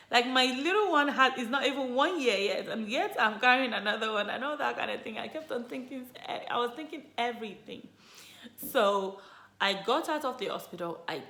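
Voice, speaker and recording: A woman vlogger casually telling viewers her story, chatty and animated, full of "you know" and "like". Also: on the high side. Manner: animated, lively retelling. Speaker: vlogger, mother sharing her birth story. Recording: roomy echo.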